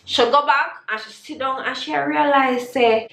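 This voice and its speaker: A woman's voice: high voice, fairly even intonation, a little slow, gravelly, a bit bright. A woman, telling a story in a casual, sarcastic way with creole grammar, like a vlogger reviewing a show. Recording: echoey room.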